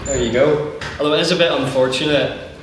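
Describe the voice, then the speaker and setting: Brisk and steady in tone, a young man with a fairly high voice presides over a student debating society, fielding questions with self-deprecating puns and jokes. He's in a large lecture hall with an audience, recorded from a distance with heavy echo and noise.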